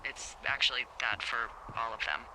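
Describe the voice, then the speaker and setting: An actress playing a wry, teasing lookout supervisor who swears freely, heard over a walkie-talkie radio in a video game. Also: female voice, extremely low pitch, steady tone, moderate pace, background noise. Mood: alarmed bossy. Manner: playful, sarcastic, swears freely.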